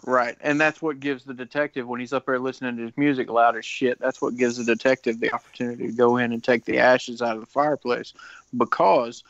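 A man's voice: medium pitch, flat delivery, brisk, a bit bright, dry recording, highs cut off. A man co-hosting a casual movie podcast, retelling scenes loosely with lots of swearing. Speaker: podcast co-host. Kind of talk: casual film discussion.

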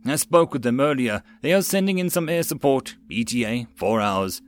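A man voicing a calm, matter-of-fact military officer. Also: mid-range voice, normal speed, close to an everyday voice.

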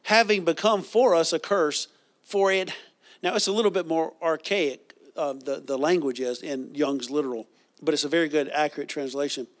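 A man's voice: on the high side, normal speed. A man preaching a sermon, reading scripture and leading the congregation in call-and-response.

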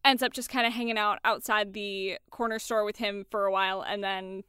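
A young woman co-hosting a casual movie chat, chatty and animated, swearing casually as she retells scenes. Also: mid-range voice, fairly quick, smooth, no echo, clean studio sound. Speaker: podcast co-host.

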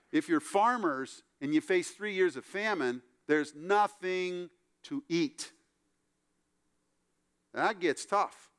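A man's voice: high voice, animated, slow, long pauses. A man preaching a sermon as the pastor, telling the story with acted-out quotes and wry asides.

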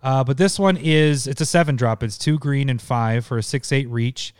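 Smooth-voiced man chatting casually. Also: medium pitch, moderate pace, no echo, studio quality. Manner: relaxed, laughs often, reads card text aloud. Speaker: podcast co-host. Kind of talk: casual gaming discussion.

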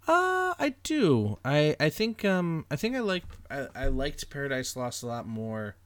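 A man's voice: a little high, huge pitch swings, fairly bright tone, dry recording. A tired, yawning man co-hosting a casual chat, loose and chatty, swearing casually now and then. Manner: loose, chatty, swears casually, reads slowly when quoting. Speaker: podcast co-host. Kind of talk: casual chat and reading verse aloud.

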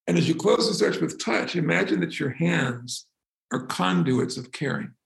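Man, spiritual teacher, gravelly voice, slightly high pitch, guided relaxation, earnest. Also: expressive. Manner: earnest, slows down to stress words, leads yawns and sighs. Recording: roomy echo.

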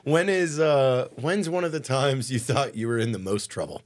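A man's voice: medium pitch, moderate pace, no echo, studio quality. A man hosting a casual interview, asking short, easygoing questions. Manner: relaxed, asks short questions. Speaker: podcast host.

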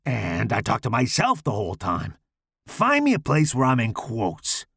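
A man voicing a crude, menacing, deformed slasher villain in a rough, gravelly growl for an audio horror story. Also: medium pitch, huge pitch swings, moderate pace, a bit bright, no room sound, studio quality, heavily acted. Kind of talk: audiobook character voice.

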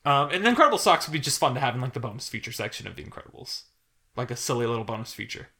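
A young man co-hosting a casual film podcast, talking in an animated, rambling way and laughing easily. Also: mid-range voice, rapid-fire. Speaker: podcast co-host.

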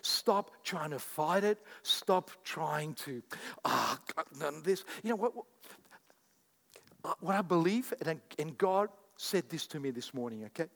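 A man preaching a sermon as pastor, animated and repetitive, telling stories to his church. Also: on the high side, a little slow, in a large hall. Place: church sanctuary.

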